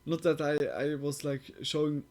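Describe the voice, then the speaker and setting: A man's voice: on the high side, flat delivery, normal speed, a little mellow. A man streaming live, casually reacting to a video in rambling talk full of "like" fillers. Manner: rambling, heavy use of "like" fillers.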